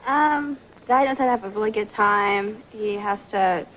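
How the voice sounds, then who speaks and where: A woman's voice: medium pitch, normal speed, fairly bright tone, slight background noise, poor audio. A woman contestant on a dating show, giggly and rambling.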